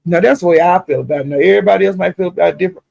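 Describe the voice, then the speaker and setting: A man's voice: high voice, racing, creaky, a little mellow, no echo, rough recording. A man talking casually to a livestream chat, gossiping in a drawling, chatty way and speaking to viewers directly. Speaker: commentator recapping livestream drama.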